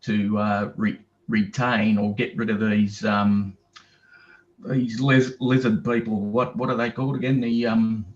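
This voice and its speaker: A man's voice: on the low side, little pitch movement, unhurried. Australian man on a dull caller line. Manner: chatty, hesitant, lots of ums. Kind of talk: casual call-in chat. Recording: dull lo-fi call audio.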